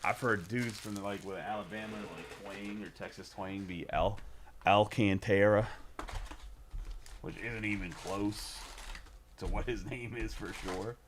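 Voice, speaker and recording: Card-break host, man, very low voice, casual rapid name lists, faint hiss and keyboard clicks. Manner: rattles off player names, joking asides. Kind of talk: casual live-stream commentary.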